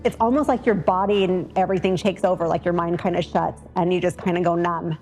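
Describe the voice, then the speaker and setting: A woman's voice: fairly low pitch, steady tone, a little fast, darkish tone, faint music behind. A woman in a documentary interview, retelling events and acting out what people said. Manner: retells events with quoted dialogue.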